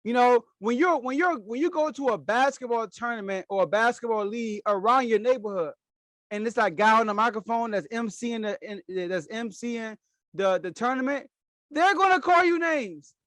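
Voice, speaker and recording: A man's voice: very high-pitched, normal speed, fairly bright tone, no echo. A man hosting a solo sports podcast, giving emphatic opinion commentary and repeating his key phrases for weight.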